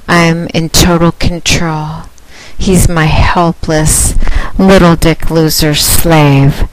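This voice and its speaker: A woman's voice: low voice, no room sound. A woman delivering a domineering, taunting promotional monologue as a dominatrix phone line host.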